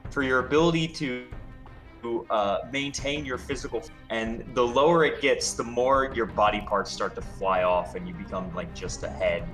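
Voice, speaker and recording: A man's voice: mid-range voice, moderate pace, fairly bright tone, soft background music. A man commentating a game stream, explaining the mechanics in a hesitant, explanatory way.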